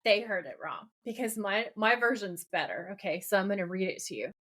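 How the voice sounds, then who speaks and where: A woman co-hosting a casual podcast, excitedly recapping a TV episode and reading out quotes. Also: medium pitch, a little fast. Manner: animated, reads quotes aloud with enthusiasm. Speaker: podcast co-host.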